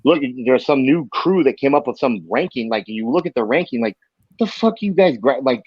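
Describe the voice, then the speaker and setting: A fired-up American man, a fighter, rants profanely and fast in an interview, his voice sitting at an ordinary middle pitch. The sound is dull and lo-fi, and it is dry with no room echo. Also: lively intonation, breathy edge. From United States. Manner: fired-up, profane, rapid-fire. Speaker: bare-knuckle fighter guest. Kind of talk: heated interview rant.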